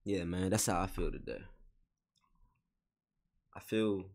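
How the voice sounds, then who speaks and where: A man's voice: deep voice, slow pace, a little mellow. A man giving a spiritual motivational monologue in casual slangy talk, repeating and restating each phrase with emphasis. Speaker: vlogger.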